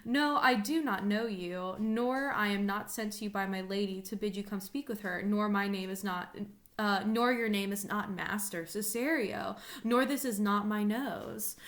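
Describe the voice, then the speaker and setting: A woman's voice: medium pitch, normal speed, lightly acted. A woman reading the lines of a playful male jester, with a plain read-aloud delivery. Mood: teasing.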